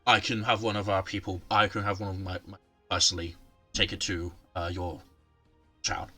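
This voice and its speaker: A man's voice: low voice, little pitch movement, moderate pace, sharp tone, faint music behind, exaggerated voice. A man voicing a secretive guild leader in a tabletop game, stumbling over his words. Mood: stern.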